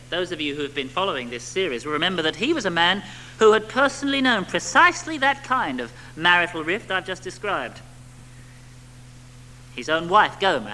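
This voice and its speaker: A man preaching a sermon to a congregation, animated, with rhetorical tag questions and little acted-out quotes. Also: fairly high pitch, slight background noise, rough recording.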